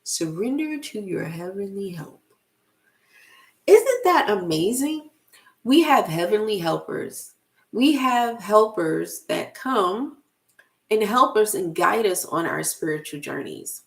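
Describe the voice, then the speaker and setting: Slow, gravelly woman giving a spiritual talk. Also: mid-range voice, very animated. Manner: slow, emphatic, repeating phrases for effect. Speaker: motivational speaker and spiritual life coach. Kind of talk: casual spiritual motivational talk to camera.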